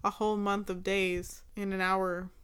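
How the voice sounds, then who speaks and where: A woman's voice: mid-range voice, little pitch movement, moderate pace, fairly bright tone, clear, resonant tone. A woman co-hosting a casual podcast chat, easygoing and teasing, laughing often. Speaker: podcast co-host.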